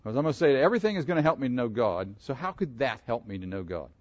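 A man preaching an interactive sermon, asking his congregation questions in an animated way. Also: medium pitch, racing, no room sound, highs cut off. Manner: animated, asks the room questions. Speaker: pastor.

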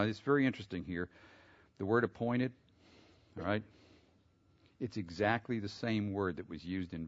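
A man preaching a sermon. He reads scripture aloud, explains it, and builds to loud, emphatic peaks. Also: lowish voice, no room sound. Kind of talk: sermon, expository Bible teaching. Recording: dull lo-fi sound.

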